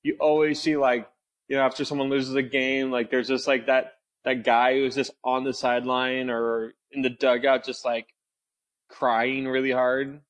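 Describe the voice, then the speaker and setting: A man's voice: medium pitch, little pitch movement, normal speed. A young man hosting a casual podcast, easygoing, with lots of "like" and "um". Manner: easygoing, filler-heavy, mildly disapproving. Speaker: podcast host.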